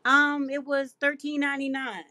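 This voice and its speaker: A woman's voice: sits high, little pitch movement, moderate pace, sharp tone, no room sound. Chatty woman hosting a live stream. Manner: chatty, talks straight to viewers and reads out comments. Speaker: craft livestream host. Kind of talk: casual livestream chat.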